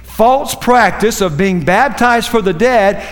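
A man's voice: high-pitched, takes it slowly, in a large hall. A man preaching a sermon, fervent and repetitive, with rambling asides to the congregation.

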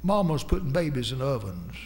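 A man preaching a sermon in a church, emphatic and rising into shouts. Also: mid-range voice, big pitch swings, fairly quick, slight background noise. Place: church sanctuary. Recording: long hall reverb.

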